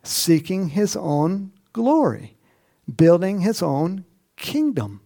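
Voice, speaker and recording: A man's voice: sits high, sing-song, takes it slowly, mellow. A pastor preaching a sermon in a casual, storytelling way, often talking directly to his congregation. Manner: storytelling, acts out Bible characters in voices; conversational with asides to the congregation.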